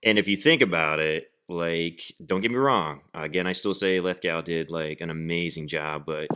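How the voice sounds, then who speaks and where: Male podcast host, very low and bright-toned, rambling and enthusiastic. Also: moderate pace, clean tone. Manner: rambling, enthusiastic, many fillers. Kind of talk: casual chat.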